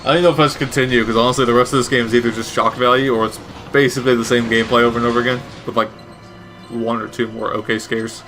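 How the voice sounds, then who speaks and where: A man's voice: mid-range voice, little pitch movement, racing, fairly bright tone, faint music behind. A man giving casual, rambling gameplay commentary with wry asides and frequent self-corrections. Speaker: gaming commentator.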